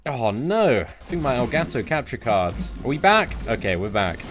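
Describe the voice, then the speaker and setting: A young man casually commentating his mobile game live, chatty and jokey, thanking viewers as he plays. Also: normal speed. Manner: chatty, jokey, lively pitch jumps when excited. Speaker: gaming livestream host. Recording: faint music behind.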